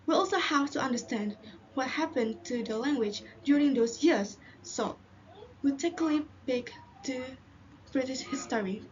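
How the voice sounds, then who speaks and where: Presenter, woman from Indonesia, high voice, muffled recording with faint hiss, halting reading. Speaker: linguist presenter. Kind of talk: classroom presentation.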